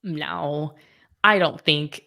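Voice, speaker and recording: A woman co-hosts a casual radio chat. Her voice is very low and gravelly, with a bright, sharp edge. She speaks earnestly and searches for her words. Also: very slow. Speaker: radio co-host.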